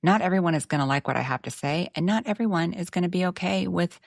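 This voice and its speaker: A woman's voice: fairly low pitch, fast talker, gravelly, no echo, clean studio sound. A woman with a Texan twang, talking reflectively as a guest on a podcast. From Texas. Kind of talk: casual podcast conversation.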